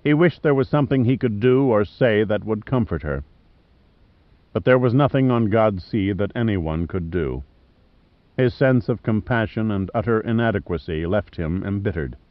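Reading from a script, a man narrates an adventure novel for an audiobook with a steady, even storytelling manner. His voice sits lowish, and the dry studio recording comes across slightly muffled.

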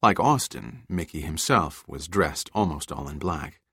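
A man narrating an audiobook in a steady, measured way. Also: a bass voice, vocal fry, breathy edge, dry recording, clean studio sound. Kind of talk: scripted narration.

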